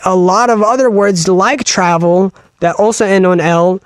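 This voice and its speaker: A man co-hosting a podcast in casual chat, explaining at length and slowing down to spell out sounds. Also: high-pitched, steady tone, clean tone, dry recording, studio quality. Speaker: podcast co-host.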